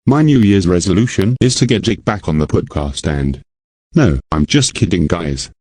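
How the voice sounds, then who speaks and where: A man's voice: low-pitched, lively intonation, normal speed, a little mellow, breathy edge, no room sound. A synthetic text-to-speech male voice co-hosting a casual podcast chat. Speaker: podcast co-host.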